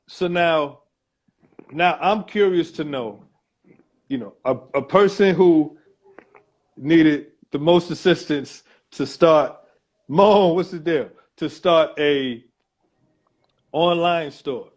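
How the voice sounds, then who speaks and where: Guy hosting a chat, slow easy talker, encouraging, a bit higher voice. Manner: unhurried, encouraging, laughs along. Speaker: interview host. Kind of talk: casual interview chat.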